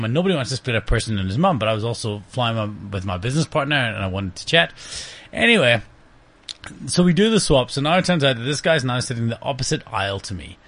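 A man's voice: medium pitch, fairly quick. A man chatting casually on a podcast, telling stories with frequent laughs and some swearing. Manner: laughing, swearing, lively anecdotes. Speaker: podcast guest. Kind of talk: casual storytelling chat.

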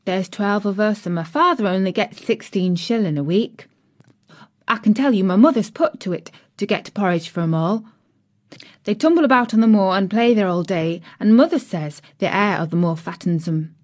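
A woman's voice: mid-range voice, lively intonation, normal speed, close to an everyday voice. A woman voicing a cheerful, chatty young serving girl, homely and outspoken.

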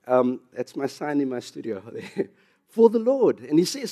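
A South African pastor preaching a sermon, getting louder and higher on emphasis, with chuckles and asides. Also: male voice, very animated, moderate pace.

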